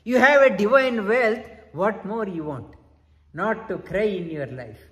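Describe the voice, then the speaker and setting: Man, high-pitched spiritual teacher, unhurried emphatic scripture talk, long hall reverb. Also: lively intonation, fairly bright tone. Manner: repeats key phrases emphatically, weaves in Sanskrit terms. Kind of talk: scripture lecture.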